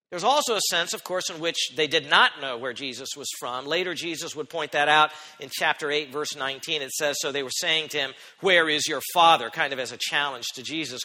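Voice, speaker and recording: A man preaching a sermon, swinging from quiet asides up to loud, emphatic quotations. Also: a little high, big-room sound. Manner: expressive, rising to loud emphatic quotes and dropping to quiet asides.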